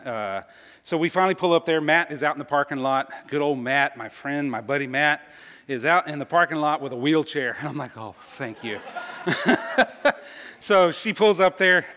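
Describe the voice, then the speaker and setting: A man telling a personal story to an audience in a casual, halting way, with many fillers and restarts. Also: fairly high pitch, pushed and bright. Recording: long hall reverb.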